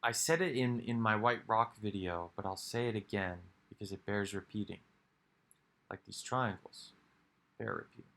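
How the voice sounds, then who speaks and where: A man's voice: fairly low pitch, normal speed, a bit bright. A man giving a rambling, reflective monologue for his video, musing aloud with sighs and restarts. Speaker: video creator.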